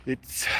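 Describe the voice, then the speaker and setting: A man's voice: sharp tone, dry recording. A man with a South African accent, Afrikaans his first language, chatting animatedly to livestream viewers beside an animal enclosure. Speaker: livestream host. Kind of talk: casual livestream chat.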